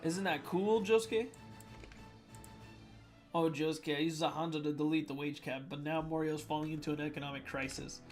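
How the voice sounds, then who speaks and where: A man's voice: on the high side, fairly even intonation, moderate pace. Playful man reading jokes over faint music. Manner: loud playful delivery with sudden voice swings. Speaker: YouTuber reading fan jokes. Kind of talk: comedic reading of submitted jokes.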